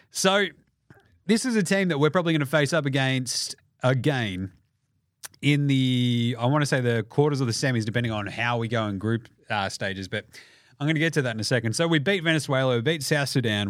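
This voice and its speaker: A young Australian man hosting a basketball podcast, talking casually with lots of swearing and jokes, often mimicking people in quick put-on voices. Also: mid-range voice, fairly bright tone, no room sound, clean studio sound. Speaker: podcast host. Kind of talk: casual sports podcast monologue.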